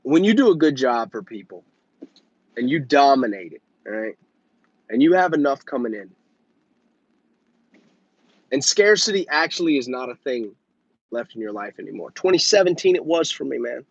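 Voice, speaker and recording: A man who hosts a channel about his softwash business, giving casual business advice bluntly and with some swearing. He keeps checking in with "okay?" and "right?", and he acts out conversations in quick voices. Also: mid-range voice, sing-song, creaky, breathy edge, no room sound, highs cut off.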